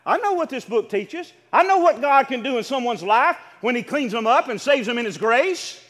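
A man's voice: very high-pitched, sing-song, normal speed, long reverb tail. A male preacher, delivering an emphatic, fervent sermon and calling out to his congregation for responses. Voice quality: emphatic, rising to fervent shouts. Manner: call-and-response, exhorting the congregation.

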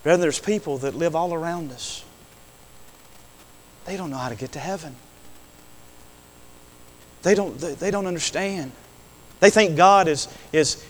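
Fervent preacher in an echoey hall. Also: male voice, a little high, moderate pace, long pauses. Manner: repeats phrases, asks the congregation "amen?"; swings from soft storytelling to shouted climaxes. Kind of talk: sermon.

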